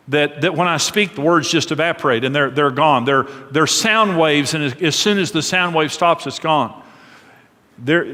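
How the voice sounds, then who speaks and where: A middle-aged man preaching a sermon as pastor, earnest and preacherly, drawing out key phrases slowly. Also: a little high, pushed and bright. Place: church auditorium. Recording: long reverb of a large hall.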